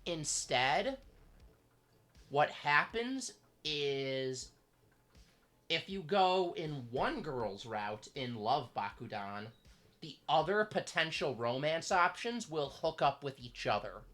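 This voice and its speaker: A streamer reading a visual novel's narration aloud on a live stream, expressive, with muttered asides. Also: mid-range voice, takes it slowly.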